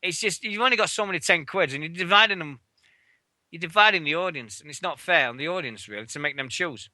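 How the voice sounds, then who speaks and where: This British man's voice is high and piercingly bright as he excitedly rants about wrestling on a radio program, swearing freely in fast, casual talk. It's miked close and dry, with no echo or room sound.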